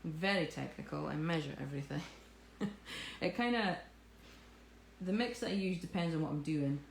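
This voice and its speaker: A woman with a lower voice runs a live cake tutorial, chatting and joking at her own expense as she works. Her voice rings in a roomy studio with faint ambience in the background. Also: normal speed, creaky, slight background noise. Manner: jokey, self-mocking, chatty. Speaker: cake decorating instructor. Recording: echoey room with faint ambience.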